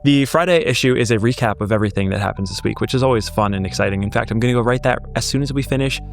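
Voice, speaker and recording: Fast-talking upbeat man hosting a podcast. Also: mid-range voice, vocal fry, soft background music. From United States. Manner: upbeat, energetic, rapid. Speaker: podcast host. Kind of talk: casual tech podcast chat and sign-off.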